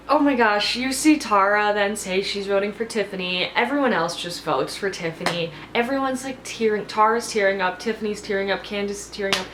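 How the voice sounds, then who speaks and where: A woman's voice: mid-range voice, fairly quick, hardly any pauses, slight background noise. Chatty woman reviewing a tv episode, lots of "like", kinda echoey room. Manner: chatty and expressive, with many fillers like "like". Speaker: TV reality show reviewer. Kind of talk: casual recap vlog. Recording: roomy echo.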